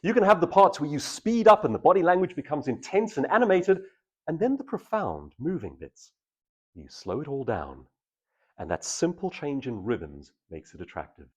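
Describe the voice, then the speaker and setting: Man, husky voice, hugely lively pitch, public speaking coach, live workshop in a room. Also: normal speed. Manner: animated, shifting between intense and casual delivery. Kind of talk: live workshop talk to an audience.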